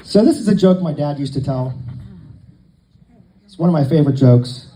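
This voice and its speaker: A man's voice: on the high side, expressive, moderate pace, warm tone, a little hiss or hum, rough recording. A man telling long jokes to a live crowd, a folksy storyteller who acts out the dialogue.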